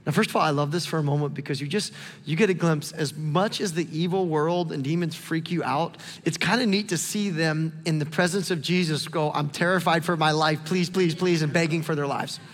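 A male pastor preaching a sermon in an animated, conversational way. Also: on the high side, a little fast, big-room sound. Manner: animated, conversational preaching with repeated calls to look.

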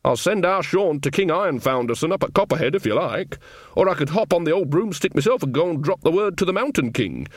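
A man's voice: a little high, lively intonation, brisk, no room sound, clean studio sound, pitched above the performer's own voice. A man doing a chatty gossipy old witch. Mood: cheerful. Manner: chatty, teasing, homely. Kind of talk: audiobook reading.

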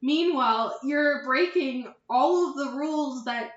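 A Canadian woman co-hosting a casual podcast chat, blunt and quick to agree. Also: high voice, roomy sound, dull audio. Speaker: podcast co-host.

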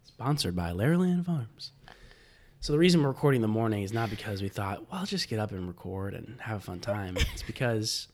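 A man's voice: on the low side, fast talker, hardly any pauses. Male podcast co-host, casual and joking. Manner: joking, playful. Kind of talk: casual chat.

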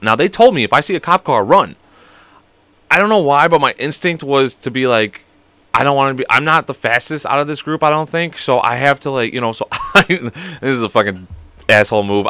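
A man's voice: mid-range voice, no echo. A young man spins a rambling, profane story with his voice rising and falling all over. He hosts a casual podcast and talks into a close mic with a dry, dead sound. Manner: swearing, rambling, animated. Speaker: podcast host.

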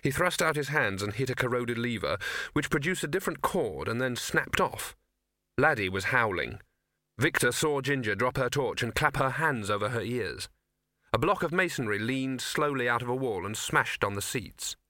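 A man reading a novel aloud in an even, measured storytelling way. His tone is bright and forward, and the recording is close and dry with no room sound. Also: medium pitch, dry recording. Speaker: audiobook narrator. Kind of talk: scripted narration.

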